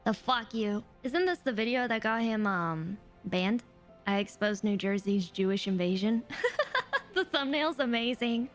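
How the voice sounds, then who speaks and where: Female reaction host, chatty, amused commentary, higher-pitched. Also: moderate pace, soft background music.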